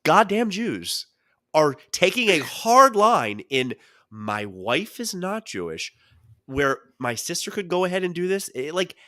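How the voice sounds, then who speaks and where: Lively, bright-voiced man on a podcast. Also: high-pitched, a little slow, no echo, clean studio sound. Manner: animated storyteller who jumps into quoted voices. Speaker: podcast co-host. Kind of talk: casual podcast chat.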